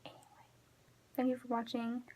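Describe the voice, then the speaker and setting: Woman ranting into her phone at home, kinda high voice, gets loud then trails off almost whispering. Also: monotone, a little fast, noisy background. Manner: emphatic, rambling, drops to a near-whisper when trailing off. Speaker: vlogger. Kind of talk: casual rant to camera. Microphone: phone camera.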